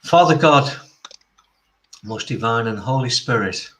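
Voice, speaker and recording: A man, a medium and church minister, leading an opening prayer in steady, measured phrases. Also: medium pitch, a little hiss or hum, rough recording.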